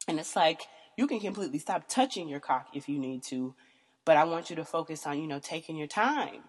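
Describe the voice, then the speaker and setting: A woman's voice: sits low, expressive, fairly quick, husky, long reverb tail. A woman hosting a candid talk show, telling a story in a blunt, profane, casual way and leaning on "you know" as a filler. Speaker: podcast host.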